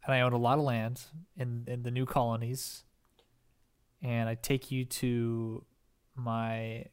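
A young man co-hosting a relaxed podcast chat. He rambles and hesitates, restarting phrases as he makes things up on the spot. His voice sits at an ordinary mid pitch. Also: slow pace, clean tone. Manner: rambling, hesitant, restarts often while improvising. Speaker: podcast co-host. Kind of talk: casual chat.

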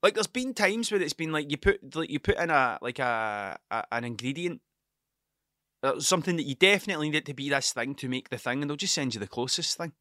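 Sweary hungover man, tense bright voice. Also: on the high side, lively intonation, brisk, no echo, clean studio sound. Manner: heavy swearing, restless, self-mocking. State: hungover and sleepless. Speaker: podcast host. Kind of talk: rambling casual monologue. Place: cluttered room at home.

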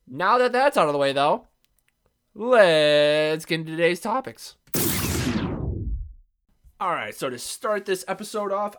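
A man's voice: sits high, a bit bright. A man hosting his own podcast alone, talking casually in a brash, profane, rambling way full of asides. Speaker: podcast host. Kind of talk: casual solo podcast monologue.

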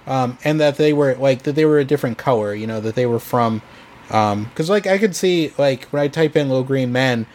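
A man's voice: mid-range voice, brisk, darkish tone, a little hiss or hum. Hesitant man co-hosting a podcast. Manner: hesitant, filler-heavy, restarts often. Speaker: podcast co-host presenting the story. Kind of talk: casual chat.

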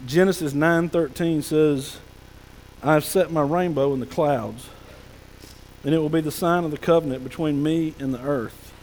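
A male pastor preaches in a high, folksy voice. He often drops to a soft hush. His words ring out with a long reverb through the church. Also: normal speed, a little hiss or hum. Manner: folksy preaching, drops to soft hushed tones for God's whispers. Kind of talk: sermon. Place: church sanctuary.

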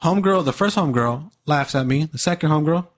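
A man's voice: fairly high pitch, fast talker. A young man chatting casually with friends, telling a story in laid-back slang and heavy swearing. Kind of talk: casual chat.

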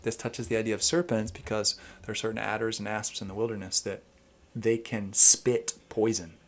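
A man explaining scripture in a rambling, animated podcast conversation, quoting Hebrew phrases as he goes. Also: fairly low pitch, normal speed. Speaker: Bible teacher.

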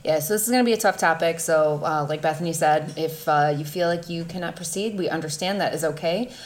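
A woman co-host with a fairly low voice. She talks in an easygoing, supportive manner. Her tone stays relaxed and conversational. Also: fast talker. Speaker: podcast co-host. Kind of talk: casual chat.

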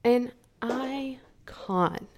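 A woman's voice: a little high, drawn-out words, a little mellow. A woman co-hosting a book podcast, chiming in with eager agreement in casual banter. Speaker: podcast co-host. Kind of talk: casual book-club chat.

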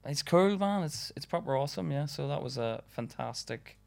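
A man's voice: a little high, expressive, moderate pace, creaky, darkish tone. A young man from England, a stand-up comedian guest chatting casually on a podcast, laughing often and swearing as he rambles through stories.

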